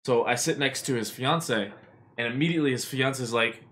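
A man hosting a podcast, telling stories in an animated, casual way with lots of swearing. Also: mid-range voice, normal speed. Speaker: podcast host. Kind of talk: casual storytelling.

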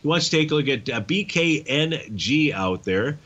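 A man's voice: fairly high pitch, lively intonation, moderate pace, a bit bright, dull audio. A man hosting a trading show, methodically walking through chart levels in live market commentary with frequent fillers.

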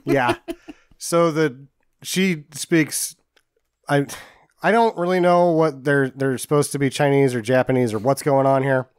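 A man co-hosting a casual movie podcast, speaking haltingly with dry humor. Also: medium pitch, steady tone, smooth, no room sound. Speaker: podcast co-host. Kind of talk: casual movie-riffing chat.

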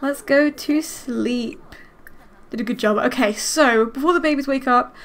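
A young adult woman hosting a casual let's-play, thinking aloud and gasping excitedly as she plays. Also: high-pitched, measured pace. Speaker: gaming host.

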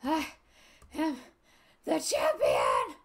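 A woman voicing an excitable, boastful boy sidekick in a video game, talking loudly and bouncily. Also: very high voice, measured pace, noisy background, voice pushed up. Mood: triumphant.

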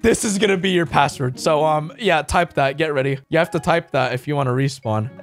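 High-pitched young man, teasing gamer. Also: normal speed. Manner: teasing, gleeful, excitable exclamations. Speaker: Minecraft YouTuber hosting a server event. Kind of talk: playful gaming commentary. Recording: voice over loud background music.

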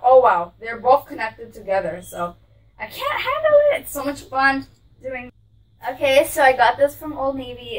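Woman, higher voice, gushing vlog chatter, heard a bit off-mic. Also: recorded from a distance, rough recording. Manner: gushing, bubbly, repeats how cute things are. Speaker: vlog host showing a clothing haul. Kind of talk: casual haul vlog. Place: her room with a closet behind.

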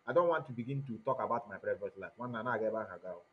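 A man with a Nigerian accent hosting an online commentary stream, talking in an animated way and switching between Igbo and English mid-sentence. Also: on the low side, fast talker. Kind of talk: livestream commentary. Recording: dull lo-fi audio.

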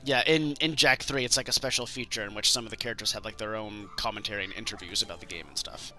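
A man giving casual let's-play commentary, swearing freely and reacting excitedly to the game. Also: fairly low pitch, fast, soft background music. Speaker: gameplay commentator.

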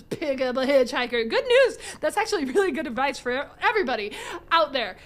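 A woman streaming a game live from home, excitable and jokey, swearing and laughing often as she talks to chat. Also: sits high, a little fast. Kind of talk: live gameplay commentary.

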